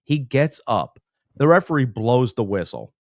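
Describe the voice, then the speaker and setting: A man co-hosting a sports podcast, telling stories in a loose, animated way with frequent restarts. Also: mid-range voice, a little slow, no room sound, clean studio sound. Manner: animated storyteller, trails off and restarts. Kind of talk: casual sports chat.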